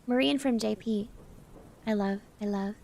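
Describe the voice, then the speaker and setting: A woman's voice: mid-range voice, a little slow, gravelly, darkish tone, a little hiss or hum. A young woman from the South, chatting casually with her live-stream chat as a VTuber and reading out messages as she answers them. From Southern United States.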